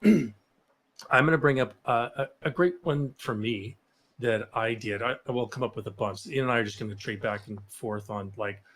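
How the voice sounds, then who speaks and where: A man hosting a casual podcast as a martial arts instructor, with a loud, booming, theatrical voice and animated delivery on a close mic. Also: moderate pace. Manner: animated, breaks into loud shouted impressions. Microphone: close studio mic.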